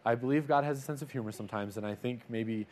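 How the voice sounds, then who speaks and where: A man in a middle voice retelling a Bible story. He talks in a relaxed, chatty way. He drops into quick acted-out voices for the characters. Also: mid-range voice. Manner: conversational, retells scripture with little acted-out voices. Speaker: Bible teacher.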